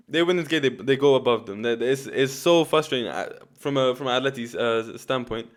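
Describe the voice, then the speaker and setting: Fast-talking young man, casual football rant. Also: mid-range voice. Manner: fast, animated, swears freely, frequent restarts. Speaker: football YouTuber. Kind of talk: casual football weekend recap.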